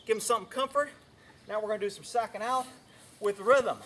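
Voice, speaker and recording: High-pitched, brisk and a bit bright, this man's voice comes with slight background noise. He's a horse trainer demonstrating outdoors, and his blunt vlog instruction is brash, sarcastic and full of scolding.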